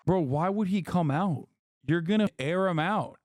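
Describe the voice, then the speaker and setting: Man, 30s, stream reactor; incredulous, blunt delivery, slightly high, dry booth sound. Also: moderate pace, no echo. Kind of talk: casual reaction commentary.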